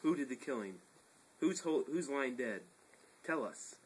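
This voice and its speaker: A man plays an elder of the chorus who presses for news, read plainly and casually as in an amateur play. His voice is mid-pitched, with a faint ambient hiss behind it. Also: animated, measured pace, natural voice, rough recording. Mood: urgent. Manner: plain, casual line reading with stray laughs. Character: chorus elder of the city questioning the messenger. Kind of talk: amateur dramatic reading.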